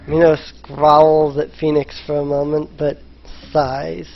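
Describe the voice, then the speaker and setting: A man narrating a tabletop role-playing game as dungeon master, in an unhurried storytelling manner. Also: on the high side, vocal fry, slight background noise. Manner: unhurried storytelling, voicing characters in quotes. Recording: dull lo-fi voice chat.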